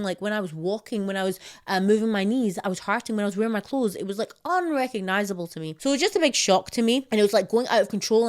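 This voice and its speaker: A young woman vlogger telling a personal story to camera in a casual, animated way, acting out her own past reactions in higher bursts. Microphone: close mic.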